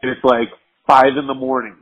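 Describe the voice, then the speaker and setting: A man's voice: medium pitch, level tone, normal speed, a bit bright. A drunk man telling a rambling, profane story over the phone, laughing often. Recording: muffled phone line.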